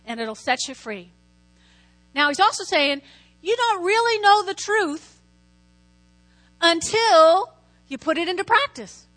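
A woman preaching a sermon in a lively way, calling out to her listeners and asking them to answer back. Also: extremely high pitch, unhurried, pauses often. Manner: lively, lots of call-and-response. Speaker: Christian teacher preaching.

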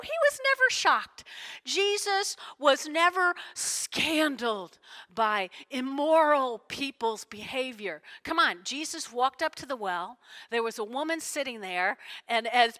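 A woman pastor preaching a lively sermon to her congregation, playfully acting out the people she quotes. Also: high-pitched, unhurried. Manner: animated, playful, acts out quotes with big shifts. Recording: long hall reverb.

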